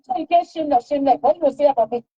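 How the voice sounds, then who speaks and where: Heated casual talk comes from a fast-talking woman whose voice sits high with a warm tone. She's emphatic and repetitive, captured on a dull lo-fi recording.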